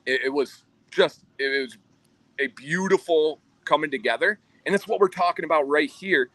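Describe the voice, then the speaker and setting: Bright-voiced earnest man telling a story. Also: on the high side, moderate pace, dry recording, low-quality recording. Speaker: co-host. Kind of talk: livestream chat.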